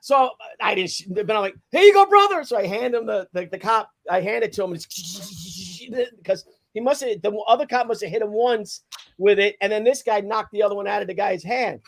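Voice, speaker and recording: A man hosting a show, telling a story in casual chat, acting out shouted quotes, swearing and laughing often. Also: high voice, moderate pace, creaky.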